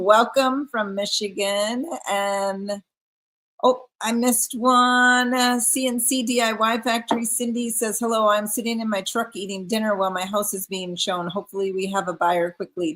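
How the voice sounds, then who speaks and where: Woman chatting away on her craft livestream, mid pitch, easygoing, reading comments out loud. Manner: chatty, reads viewer comments aloud. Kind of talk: casual livestream chat.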